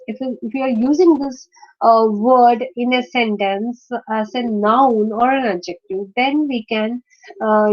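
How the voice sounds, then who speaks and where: Hesitant woman teaching, lo-fi sound. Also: on the high side. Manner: hesitant, many fillers and restarts. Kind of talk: screen-shared online lecture. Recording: dull lo-fi recording.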